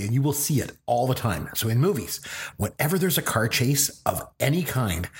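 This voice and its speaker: A man co-hosting a movie podcast speaks in casual chat with a middle-pitched voice. His delivery is playful and lively, rising and falling freely and broken by frequent laughter. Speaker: podcast co-host.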